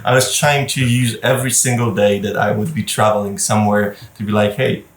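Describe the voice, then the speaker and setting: A man's voice: fairly low pitch, little pitch movement, brisk. A man, a wedding photographer guest, telling stories in casual podcast chat and laughing as he talks. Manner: storytelling, chatty, laughs while talking. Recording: roomy and distant from the mic.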